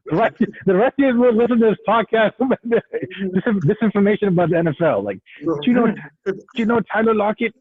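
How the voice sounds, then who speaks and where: A man's voice: sits high, moderate pace, husky, dry recording. A man co-hosting a podcast in casual chat. He rambles and keeps correcting himself, and he sounds tinny over a remote call line. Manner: rambling, self-correcting, animated. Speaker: podcast co-host.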